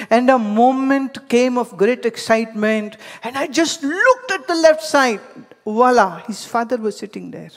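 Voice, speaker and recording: Slow-speaking woman spiritual teacher. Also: a little high, in a large hall. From India. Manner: storytelling, addressing listeners directly. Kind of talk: spiritual discourse with anecdotes.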